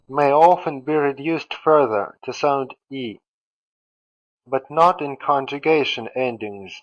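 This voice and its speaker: In this lo-fi clip, a language teacher with a medium-pitched voice explains grammar slowly. He goes form by form, giving each one and then what it means in translation.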